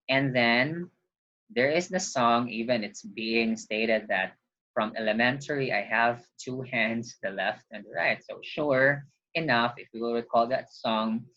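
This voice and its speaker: A man delivers an online accounting lesson at an unhurried, deliberate pace. He explains patiently, one step at a time, with frequent reminders to take note. The recording sounds dull and lo-fi. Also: medium pitch, fairly bright tone. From Philippines. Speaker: accounting teacher.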